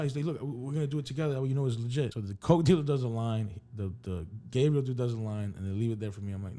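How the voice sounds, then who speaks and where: A man's voice: medium pitch, fast talker, hardly any pauses. A man telling a story on a podcast in a casual, profane way, acting out the dialogue. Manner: animated, profane, acts out dialogue. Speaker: podcast host.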